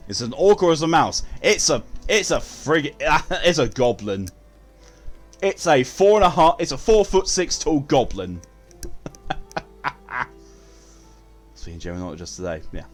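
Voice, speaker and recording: A man's voice: medium pitch, big pitch swings, unhurried, long pauses, soft background music. A man chatting casually with viewers while streaming a game, blunt and given to swearing. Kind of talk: casual live-stream chat.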